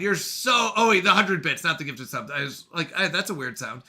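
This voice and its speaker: A man in his thirties hosting a live stream, reading chat aloud with quick, animated reactions. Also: fairly high pitch. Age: 30s.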